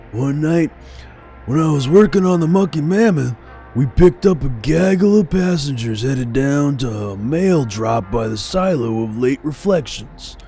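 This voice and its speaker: A reflective riverboat storyteller, read out by a man narrating a video game. His warm, mellow voice swings widely in pitch as he muses. Soft music sits faintly underneath. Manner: reflective storytelling, reading aloud. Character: male riverboat worker telling old river stories. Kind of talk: reading game narration aloud.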